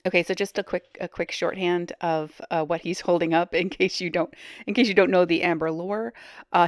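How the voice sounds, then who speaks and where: A woman's voice: lowish voice, smooth, dry recording, clean studio sound. A woman hosting a reaction video, giving blunt casual commentary with frequent hesitations. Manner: blunt, hesitant with many ums.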